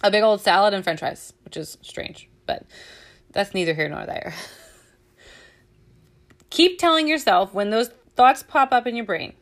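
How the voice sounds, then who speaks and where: A woman talks in a loose, chatty way as host of a casual motivational chat. She is candid and unfiltered, swears freely and laughs easily between thoughts. Her pitch sits in an ordinary middle range. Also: a little slow, pauses often.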